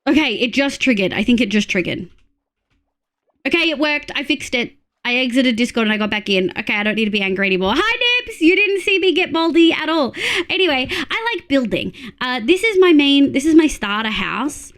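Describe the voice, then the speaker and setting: Chatty Australian woman streamer, higher voice. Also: brisk. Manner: chatty, excitable, swears freely. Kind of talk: casual live-stream chat while gaming.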